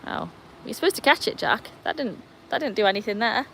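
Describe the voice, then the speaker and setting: A woman's voice: fairly high pitch, animated, fairly quick, vocal fry, a bit bright, a little hiss or hum. A woman hosting a casual live stream for her dog channel, rambling along with lots of fillers. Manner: chatty and rambling, with many fillers. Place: outdoors beside a pool.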